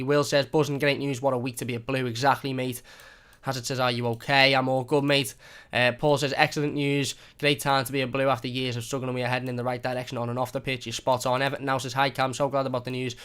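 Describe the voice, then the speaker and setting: A young man hosts a fan live stream at a brisk clip, reading comments aloud and thanking viewers again and again. His voice is bright and clear but stays flat in pitch, close on a desk mic at home. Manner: chatty, thankful, repeats phrases. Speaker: fan channel host.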